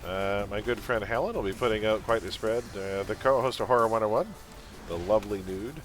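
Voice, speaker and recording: A man's voice: lowish voice, fairly even intonation, a little fast, soft background music. Chatty opinionated male game streamer. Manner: rambling, opinionated, keeps addressing viewers as folks. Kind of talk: casual gaming stream chat.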